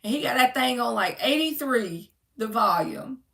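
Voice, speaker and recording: A woman's voice: fairly high pitch, expressive, normal speed, gravelly, sharp tone, far from the mic. A woman doing a chatty, joking tarot reading for her viewers, calling them by name. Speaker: tarot reader. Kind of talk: casual live-stream tarot reading. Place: home room.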